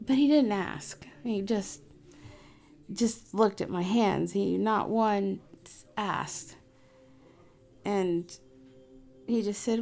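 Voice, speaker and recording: A woman's voice: mid-range voice, very slow, creaky, long pauses, a little mellow. A middle-aged woman casually telling a personal story, chatty and laughing often as she quotes others. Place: in Florida.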